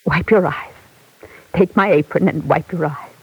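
A woman playing a tender, grieving mother comforting her son in a radio drama, soft and soothing. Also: sits low, unhurried, husky, no echo, full character voice. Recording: tinny phone-like old recording.

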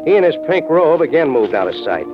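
A man's voice: fairly high pitch, very animated, fairly quick. An actor playing a hard-boiled American man who narrates his own case, dry and wisecracking, in 1940s radio acting. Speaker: narrator and lead. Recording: dull old radio recording. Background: music.

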